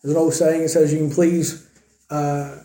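A man's voice: on the high side, little pitch movement, moderate pace, dark tone, reverberant, low-quality recording. A man preaching a conversational sermon as pastor, using rhetorical questions. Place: church sanctuary.

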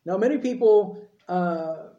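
A male preacher delivers a conversational sermon and often asks his listeners questions. His voice is mellow and soft. The sound rings in a roomy space. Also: sits high, slow pace, highs cut off. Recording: roomy echo.

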